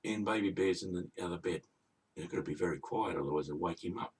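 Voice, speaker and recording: A deep, husky man tells an old fairy tale as a comic rant, grumbling and indignant, wandering off into asides. He sits some way back from the microphone. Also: fast talker, far from the mic. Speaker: comic storyteller.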